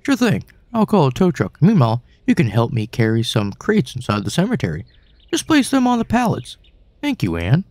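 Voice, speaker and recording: A man's voice: mid-range voice, huge pitch swings, normal speed, a little mellow, no room sound, pitched above the performer's own voice. A man voicing a creepy male cemetery groundkeeper who sounds oddly sweet and falsely polite. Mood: cheerful.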